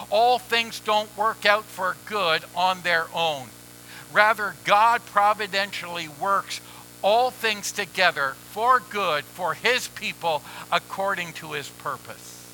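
Man, pastor, sermon, high voice, slow deliberate delivery, emphatic pauses. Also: bright, forceful tone, slight background noise, rough recording. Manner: measured preaching with emphatic pauses.

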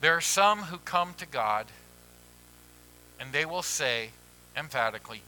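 A man preaching a sermon as pastor, who drops to hushed near-whispers and rises to loud pleading. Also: a little high, animated, a little slow, long pauses, low-quality recording.

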